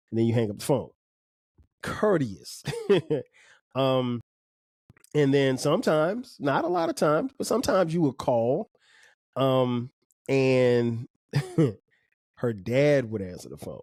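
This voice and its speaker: A man in his forties hosting a podcast, telling stories in a relaxed, conversational way with slang and chuckles. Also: medium pitch, measured pace, dry recording, studio quality. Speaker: podcast host. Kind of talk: casual storytelling monologue.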